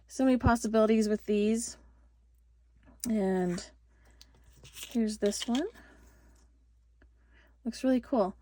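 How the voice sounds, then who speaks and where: A woman's voice: a little high, unhurried, pauses often, mellow, no echo. A woman hosting a casual craft tutorial, chatty and rambling, full of fillers and restarts, recorded on a phone.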